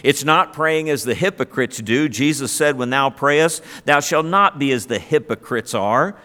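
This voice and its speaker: Preacher with a long hall echo. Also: male voice, mid-range voice, normal speed, bright, forceful tone. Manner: conversational preaching with rhetorical questions. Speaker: pastor. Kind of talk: sermon.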